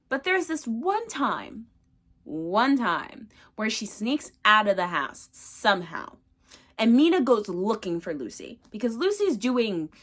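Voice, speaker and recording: A woman's voice: a little high, a bit bright. A young woman recapping a book casually, rambling with lots of fillers. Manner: rambling, filler-heavy, chatty. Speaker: book reviewer.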